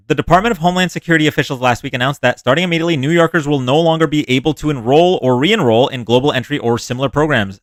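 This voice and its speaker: A man's voice: a little high, fairly bright tone, no room sound. A man hosting a live stream, reading news stories aloud and mocking the quotes with sarcastic asides. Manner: sarcastic, reads quotes then mocks them. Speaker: livestream host reading news.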